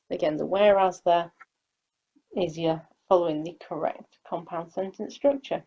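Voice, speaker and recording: A woman's voice: fairly low pitch, fairly even intonation, moderate pace, vocal fry, warm tone, lo-fi sound. A woman teacher explaining sentence structure in a recorded grammar lesson, patiently reading example sentences aloud. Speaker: English teacher.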